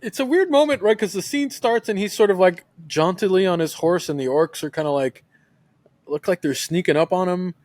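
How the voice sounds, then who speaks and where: A man's voice: sits high, brisk, darkish tone, no echo. A man co-hosting a podcast, talking in an enthusiastic, rambling way and saying "like" a lot. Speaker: podcast co-host. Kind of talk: casual podcast chat.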